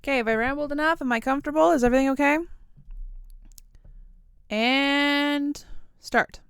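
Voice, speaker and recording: A woman's voice: high voice, steady tone, moderate pace, no echo, studio quality. A young woman hosting her own podcast, rambling casually and giggling at herself as she talks. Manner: rambling, giggly, self-deprecating. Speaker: podcast host. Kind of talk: casual solo podcast chat.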